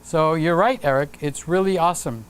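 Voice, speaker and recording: A man's voice: fairly high pitch, normal speed, clean tone. Upbeat chatty man hosting a livestream. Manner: upbeat and chatty, with frequent fillers. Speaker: livestream host. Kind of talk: casual livestream chat reading viewer comments.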